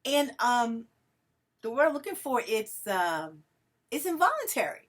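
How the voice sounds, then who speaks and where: In a fairly high voice with big pitch swings and a measured pace, a woman delivers an emotional, casual vlog monologue to camera. She refers to herself as melodramatic and speaks to her followers as though they were family.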